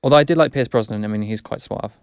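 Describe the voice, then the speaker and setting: A young English man with an English accent, chatting casually as a guest, hesitant and self-correcting, quick to laugh. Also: medium pitch, clean tone, no echo, studio quality. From England. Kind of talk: casual chat.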